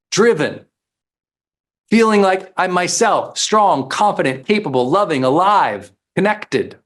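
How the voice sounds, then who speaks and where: A man who works as a life coach, giving an animated, emphatic seminar talk and repeating phrases for effect. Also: high voice.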